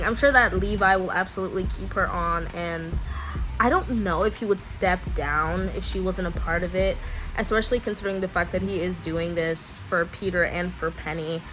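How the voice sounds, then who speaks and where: Chatty young woman reacting to a book. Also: on the low side. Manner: chatty, reacts loudly with gasps and laughs. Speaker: book vlogger. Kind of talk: casual reading vlog reactions.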